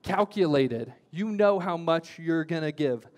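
A man's voice: on the high side, expressive, a little slow, darkish tone. A male pastor preaching a sermon, repeating key phrases for emphasis with frequent restarts.

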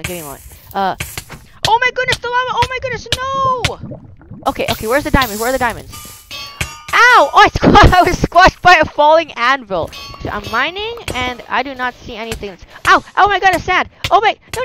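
High bright woman yelling through a block game, super animated, lil music underneath. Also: fairly quick, rough recording. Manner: excitable, yelps and cries of no at danger. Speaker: gaming video host. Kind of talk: casual Minecraft gameplay commentary.

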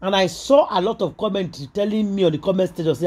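A woman's voice: mid-range voice, fast, dark tone, husky. A Nigerian woman delivering casual celebrity gossip commentary, hammering each point home again and again. Her tone is preachy and emphatic, slipping easily into Pidgin phrases. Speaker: gossip vlogger.

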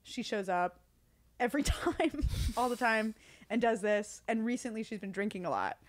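A woman comedian from Long Island chats on a podcast as a guest. She tells her stories with lively, animated energy and breaks into laughter often. Her voice sits a bit high. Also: moderate pace. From Long Island, New York. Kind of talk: casual podcast chat.

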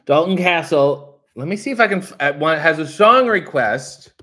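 A man's voice: a little high, animated, normal speed, bright, forceful tone. A man hosting a casual livestream who reads out viewer comments in a jokey, sarcastic, rambling way. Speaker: livestream host reading chat. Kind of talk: casual live chat.

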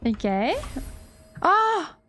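A woman streamer giving first-time gameplay commentary, excitable, laughing and swearing often as she talks to her chat. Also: sits high, very slow, soft background music. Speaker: gaming streamer.

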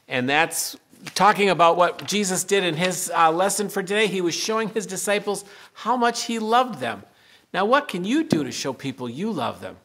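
A middle-aged pastor reading a Bible story and giving a children's message, explaining simply and gently. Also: male voice, fairly high pitch.

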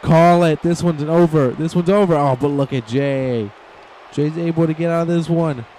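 A man giving excitable, rambling play-by-play commentary over a wrestling video game, shouting on the big moves. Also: on the high side, normal speed, slight background noise.

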